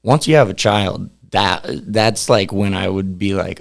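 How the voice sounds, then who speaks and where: A man's voice: low voice, unhurried, vocal fry, few pauses. A young man, a podcast guest, chatting casually in a laid-back, rambling way and laughing often. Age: young adult. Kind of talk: casual interview chat.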